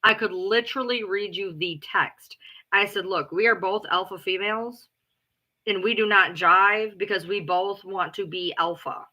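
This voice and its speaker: A live streamer rants casually to her followers in a very bright, forceful, medium-pitched voice at normal speed. Blunt and profane, she repeats her points for emphasis, sounding every bit the loud, self-described alpha female she claims to be.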